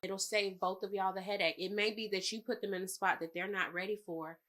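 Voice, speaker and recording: A woman co-hosts a podcast in casual chat. Her voice is bright and tense-edged, and she talks in a steady, encouraging way. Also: mid-range voice, brisk. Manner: steady, encouraging, lots of affirming murmurs. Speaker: podcast co-host.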